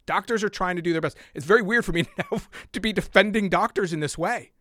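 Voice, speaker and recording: High-voiced man in an exasperated rant. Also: quick pace, a bit bright, no echo, studio quality. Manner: exasperated, worked up, with sighs and muttered asides. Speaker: podcast host. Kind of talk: heated solo podcast rant.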